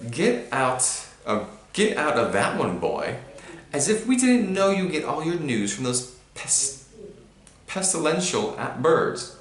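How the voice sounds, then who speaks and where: A man voicing a furious, bullying middle-aged uncle, snarling and barking with a croaky edge. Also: on the high side, big pitch swings, slow, voice pushed up. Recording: roomy echo.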